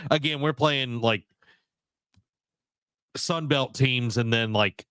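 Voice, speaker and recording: A man's voice: medium pitch, slow pace, fairly bright tone, clear, resonant tone, no echo, clean studio sound. A man co-hosting a podcast, chatting casually about video games and rambling with many fillers and restarts. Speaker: podcast co-host.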